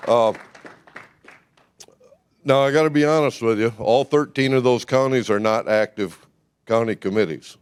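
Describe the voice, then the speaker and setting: A man giving an informal, brisk and folksy talk at a party convention, full of fillers, speaking without a microphone. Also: medium pitch, clean tone, a faint crowd.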